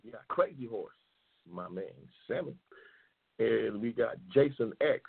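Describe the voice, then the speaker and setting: A man hosting a casual talk show who reads out race matchups, loud, profane and excitable, sometimes yelling. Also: lowish voice, measured pace, gravelly, breathy edge. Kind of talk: casual livestream chat, reading race matchups. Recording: tinny phone-like sound.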